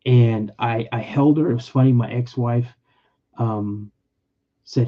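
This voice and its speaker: A man's voice: mid-range voice, fairly even intonation, a little slow, lo-fi sound. A man hosting a casual livestream podcast, rambling and emotional, often repeating himself as he tells personal stories. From California. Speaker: podcast host.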